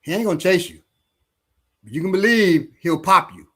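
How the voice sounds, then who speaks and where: A man, a martial arts instructor, telling a story in casual talk, halting and restarting often. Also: sits high, animated, fairly bright tone. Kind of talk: casual storytelling in a panel discussion.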